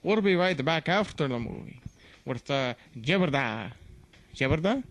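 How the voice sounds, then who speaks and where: A man's voice: on the high side, lively intonation, measured pace. A man hosting a horror movie show, playful and hammy in comedic banter.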